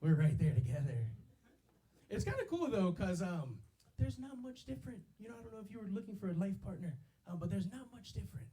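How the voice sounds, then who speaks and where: A man's voice: sits high, very animated, fairly quick, warm tone. A man in his twenties doing a stand-up set on a club stage into a handheld mic, loose and slangy, throwing in yo and baby. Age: 20s. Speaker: stand-up comedian.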